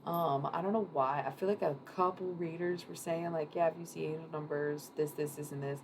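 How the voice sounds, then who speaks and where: Deep, low woman with vocal fry; casual live tarot streamer, rambly and loose. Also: steady tone, a little fast. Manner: rambling, chatty, swears casually. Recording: noisy room ambience.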